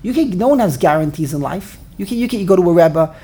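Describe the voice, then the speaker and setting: Speaking quickly and with animation, this Torah teacher has a low-leaning, mellow, husky voice. She thinks out loud through her religious class, firing off emphatic rhetorical questions and frequently starting over.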